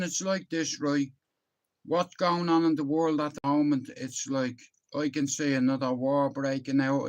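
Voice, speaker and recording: A middle-aged man with a Northern Irish accent ranting on his live stream, rambling, heated and swearing often into a phone. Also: a little high. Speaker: livestreamer.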